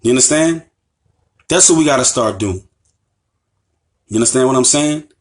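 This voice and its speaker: A man's voice: mid-range voice, expressive, normal speed. An American man giving an impassioned lecture as an Islamic teacher, emphatic and repetitive, with rhetorical questions to his listeners. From United States. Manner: emphatic, repeats phrases, asks the audience rhetorical questions.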